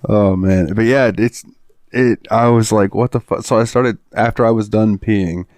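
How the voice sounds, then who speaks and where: Low-voiced man telling a rambling story. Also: slow pace, darkish tone, no echo, studio quality. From Florida. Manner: rambling, laughing, swearing freely. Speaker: podcast co-host. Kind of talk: casual storytelling chat.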